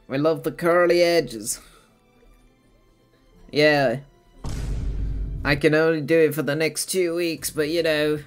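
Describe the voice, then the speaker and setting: Slow-talking giggly man streaming a game. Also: fairly high pitch, steady tone, clear, resonant tone, faint music behind. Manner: rambling, giggly, chatting to viewers. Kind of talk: casual live-stream chat while playing.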